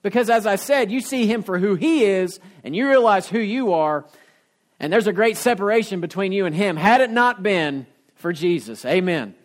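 A man's voice: high voice, expressive, moderate pace. A man preaching a sermon as pastor, telling homespun stories and building to emphatic points. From Ohio. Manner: folksy storytelling preacher, rising to emphatic peaks.

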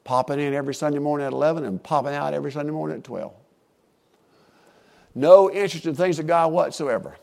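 Gravelly older man preaching. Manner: emphatic, swings between hushed and booming, drawn-out stressed words. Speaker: pastor. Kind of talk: sermon.

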